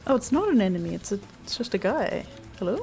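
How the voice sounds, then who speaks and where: A woman's voice: mid-range voice, very animated, fast talker, gravelly, darkish tone. A woman streaming a video game, chatting casually with viewers in a giggly, easily startled way. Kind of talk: casual gameplay chat. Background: faint game music.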